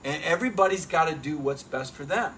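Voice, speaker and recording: A middle-aged man hosting a casual sports talk show, animated and emphatic, often turning to listeners with "right?". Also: a little high, brisk, slight background noise. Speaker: sports reporter and show host.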